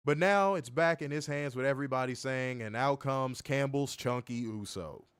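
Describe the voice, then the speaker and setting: A man's voice: medium pitch, normal speed, clear, resonant tone, no echo. Casting: brash male co-host, rowdy cursing banter, mid voice, dry mic. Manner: profane, animated, reads viewer comments aloud. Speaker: podcast co-host. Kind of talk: casual wrestling review chat.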